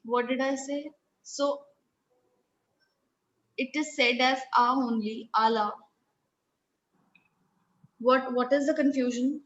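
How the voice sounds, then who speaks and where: A woman teaches a French class, patiently questioning her pupils and calling them beta. Her voice sits a little high and rings in an echoey classroom. The recording sounds dull and lo-fi. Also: fairly even intonation, unhurried, long pauses. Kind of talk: classroom lesson.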